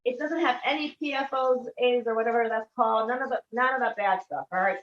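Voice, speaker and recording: A chatty woman with a fairly high voice walks viewers through a cooking demo, keeps asking "okay?" as she goes. The sound is dull and lo-fi, with a faint hiss behind her. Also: a little fast, roomy sound. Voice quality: chatty, keeps checking in with "okay?" and "all right?". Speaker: product demonstrator.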